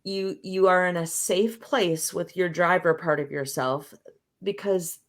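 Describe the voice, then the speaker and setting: Her voice sits lowish and unhurried. She's a podcast guest in a relaxed interview, musing through an analogy and often tossing in "right?" to check in.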